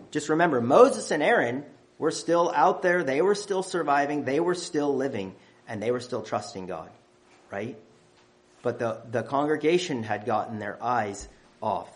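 A man preaching a sermon, counting off numbered points with emphatic stress on key phrases. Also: mid-range voice.

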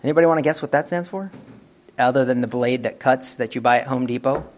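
A man preaching a sermon in a conversational teaching manner, often asking his listeners questions and clearing his throat. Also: medium pitch, fast talker.

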